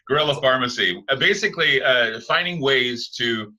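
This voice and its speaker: A man hosting an interview show, chatting casually and pausing often with "uh" fillers. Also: mid-range voice, animated, pushed and bright, low-quality recording. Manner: halting, with frequent "uh" fillers. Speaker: talk show host.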